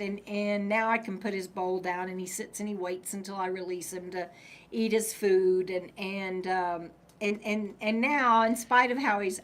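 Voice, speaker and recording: A middle-aged woman chatting casually on a live stream, rambling and breaking off to talk to her dog. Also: mid-range voice. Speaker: vlogger reading live chat.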